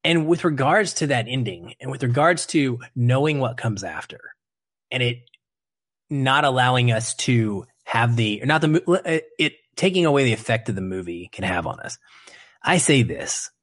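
A man's voice: mid-range voice, animated, fairly bright tone, dry recording. Earnest man with dry close sound. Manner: earnest, emotional, quick bursts of speech. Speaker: podcast co-host. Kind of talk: casual film discussion.

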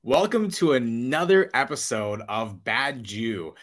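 A man's voice: mid-range voice, very animated, takes it slowly, loud music behind the voice. A man hosting a podcast, playful and teasing with his guest. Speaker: podcast host. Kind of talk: casual podcast interview.

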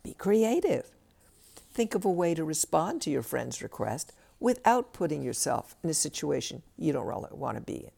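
A woman's voice: low-pitched, big pitch swings, moderate pace, gravelly, mellow. A woman hosting a self-help podcast, giving direct, coaching advice from a script and acting out bits of dialogue.

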